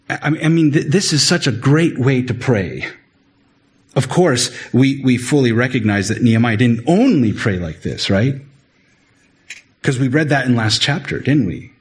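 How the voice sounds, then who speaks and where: A man preaching a sermon in an earnest way, often repeating words and rising in pitch to stress a point. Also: animated, normal speed, breathy edge. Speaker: pastor.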